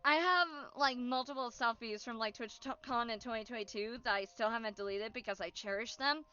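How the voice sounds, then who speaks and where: High, bright-voiced excitable woman streamer. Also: a little fast, smooth, highs cut off, soft background music. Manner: excitable, giggly, rambling, swears a lot. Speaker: VTuber streamer. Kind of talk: casual stream chat.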